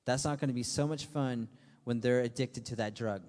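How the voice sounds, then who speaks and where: Speaking at a moderate pace in a slightly mellow, medium-pitched voice, this young pastor gives his youth group a loose, talkative sermon. He fills it with fillers and jokey tangents, mimicking friends' voices to get laughs, while long reverb from the hall trails behind him.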